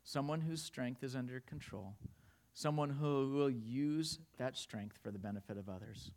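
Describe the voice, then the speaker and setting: A man preaching a sermon, telling stories with animated swings between hushed and loud delivery. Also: medium pitch, normal speed. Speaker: pastor.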